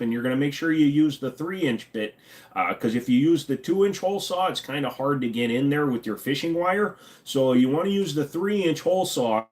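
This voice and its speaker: A man's voice: mid-range voice, voice pushed up, natural voice. A man voicing a folksy middle-aged Midwestern man with an Upper Midwest accent and a drawling, homespun way of talking. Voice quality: drawling, folksy with "don't you know".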